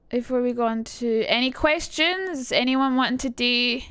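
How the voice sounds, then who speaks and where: Scottish girl streaming, chatty and jokey, kinda high voice, dry close mic. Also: animated, normal speed, few pauses, pushed and bright, smooth, dry recording. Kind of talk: casual livestream teaching.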